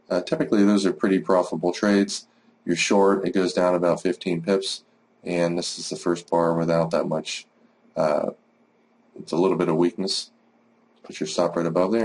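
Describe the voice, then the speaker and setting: Deep-voiced guy walking thru trades on screen, laid back, lots of uh and you know. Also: a little mellow. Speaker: forex trading educator. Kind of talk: screen-recorded trading lesson.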